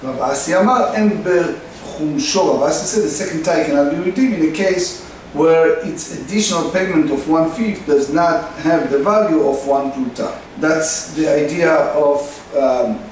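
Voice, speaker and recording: Man, Talmud lesson, slow halting explanation, faint background noise. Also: a little high, darkish tone, recorded from a distance. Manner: slow, halting delivery, reading Aramaic then translating. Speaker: Talmud teacher. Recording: echoey room, faint noise.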